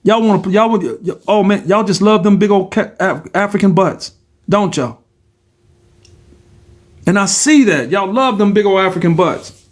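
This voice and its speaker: A man's voice: sits high, normal speed, pauses often. A man from the United States ranting casually to his viewers, rambling and repetitive, often calling them "y'all" and stumbling over words. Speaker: vlogger. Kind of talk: casual direct-to-camera rant.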